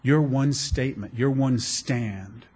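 A middle-aged man preaching a sermon as a pastor, animated and joking, with laughs along the way. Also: mid-range voice, slow, slightly rough.

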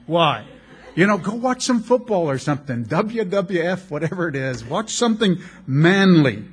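A middle-aged man preaching a sermon as a pastor, animated and joking, with laughs along the way. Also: high voice, normal speed, slightly rough.

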